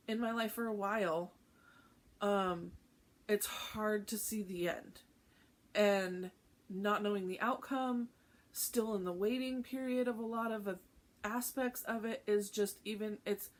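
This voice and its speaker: A woman hosting a cross-stitch vlog in casual chat, candid and heartfelt, often laughing. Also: mid-range voice. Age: adult with a teenage son.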